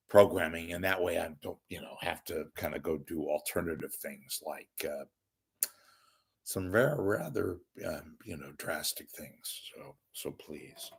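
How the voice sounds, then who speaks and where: A hoarse, congested man with a crackling voice, hosting his own show in a rambling comic monologue, joking at his own expense and swinging from loud to hushed. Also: deep voice. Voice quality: gravelly, crackling. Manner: wisecracking, self-deprecating, swings from loud to hushed. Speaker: podcast host asking for donations.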